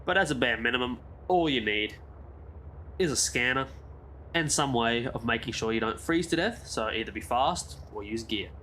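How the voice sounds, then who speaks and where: A man's voice: mid-range voice, lively intonation, normal speed, bright, forceful tone, a little hiss or hum. A man giving a casual, chatty game walkthrough as a gaming YouTuber, drifting into side comments. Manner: easygoing, chatty, rambles into asides.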